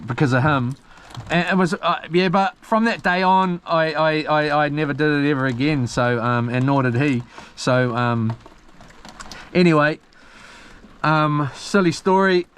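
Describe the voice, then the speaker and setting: Rambling New guy, smooth voice. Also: on the high side, fairly bright tone. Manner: meandering storyteller with many ums and restarts, slangy. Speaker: live streamer and mechanic. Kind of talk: rambling casual live-stream chat. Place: on a boat at sea.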